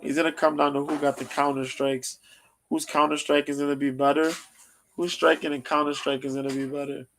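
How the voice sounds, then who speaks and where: Male stream host, gravelly, monotone, casual fight-preview chatter full of ums. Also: fairly high pitch, fairly quick, a little hiss or hum, low-quality recording. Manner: loose, rambling, lots of ums.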